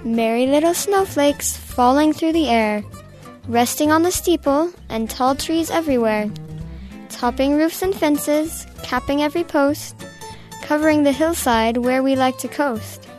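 A girl reading a children's rhyme slowly and carefully. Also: sits high, darkish tone, faint music behind. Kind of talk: rhyme recitation.

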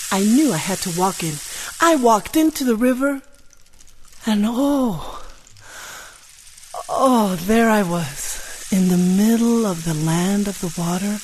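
A woman telling a first-person tale with strong expression, moving from hushed to loud with drawn-out repetitions. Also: mid-range voice. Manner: drawn-out repetitions and soft exclamations. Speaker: storyteller. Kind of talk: dramatic first-person storytelling.

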